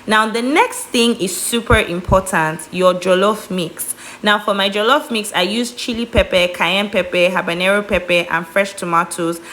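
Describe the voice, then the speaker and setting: Nigerian woman hosting a cooking tutorial voice-over, chatty and emphatic, with a mid-pitched voice. She drives her tips home with playful stress, with a faint noise behind her. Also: normal speed, hardly any pauses, fairly bright tone. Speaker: cooking vlogger.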